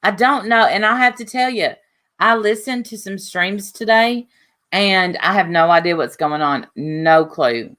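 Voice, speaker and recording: A woman hosts a livestream in a mid-range voice at a measured pace. Chatty and meandering, she keeps dropping in lively side comments.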